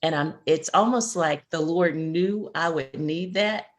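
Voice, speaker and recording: A woman's voice: low voice, a little slow. A middle-aged woman co-hosting a faith-based chat, speaking earnestly and reflectively, often repeating words as she finds them. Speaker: podcast co-host and grief expert.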